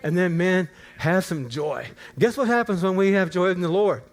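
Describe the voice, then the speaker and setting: A man, an older pastor, preaching a storytelling sermon in a church, animated and swinging from quiet asides to near-shouts. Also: sits high, normal speed. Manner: animated, rising to near-shouts in acted prayers. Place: church auditorium.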